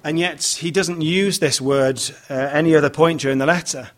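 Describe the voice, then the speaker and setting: A man preaching a sermon, speaking in a measured way with many "uh" fillers and restarts as he reads scripture aloud and explains it. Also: on the high side, steady tone.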